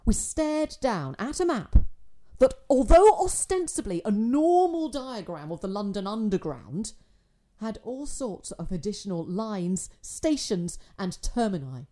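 A woman's voice: medium pitch, sing-song, measured pace, mellow. A woman narrating a story in a dry, wry storytelling manner.

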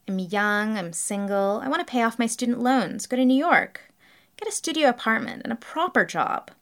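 Woman doing a carefree young motel lady, chill and breezy, pitch jumps around a lot. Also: lively intonation, moderate pace, a bit bright. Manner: breezy, casual, unbothered.

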